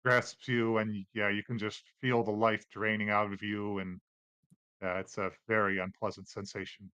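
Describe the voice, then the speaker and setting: A man narrating as game master of a tabletop game, relaxed and laughing often. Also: fairly low pitch, normal speed, clear, resonant tone, no room sound.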